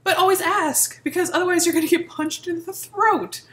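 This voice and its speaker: A woman's voice: extremely high pitch, moderate pace, a bit bright. A pregnant woman in her thirties ranting in a casual vlog, blunt and sarcastic, mimicking other people's remarks. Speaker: vlogger.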